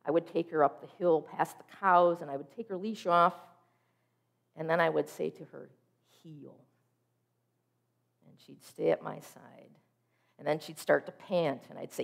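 A woman preacher delivering a sermon, telling a personal story in a vivid, expressive way. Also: lowish voice, vocal fry.

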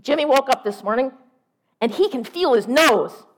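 A woman voicing her loud adult sister, who yells her words over the phone. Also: sits high, lively intonation, normal speed, pitched above the performer's own voice. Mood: excited yelling. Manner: yelling loudly. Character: loud excited adult sister yelling news.

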